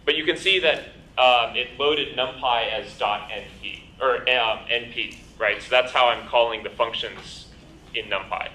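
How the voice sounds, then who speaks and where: In an echoey lecture hall with faint noise, a male bootcamp instructor gives a live coding demo. His voice is bright, medium-pitched and a little slow, and he explains with plenty of ums and you-knows, often checking with "right?".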